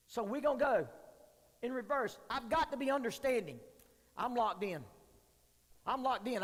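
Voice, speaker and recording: A man preaching as a youth pastor, joking and candid with the young crowd. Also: extremely high pitch. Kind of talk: sermon. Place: church hall. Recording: long hall reverb.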